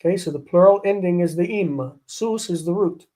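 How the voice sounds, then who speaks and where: A man's voice: high-pitched, moderate pace, warm tone. A man teaching a live online Hebrew lesson, patiently repeating terms and rules.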